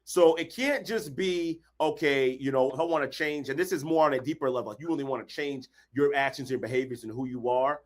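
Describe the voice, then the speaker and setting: A man hosting a motivational workshop over a video call, acting out quotes and bursting into shouts. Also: medium pitch, a little fast, hardly any pauses. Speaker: workshop host, counselor.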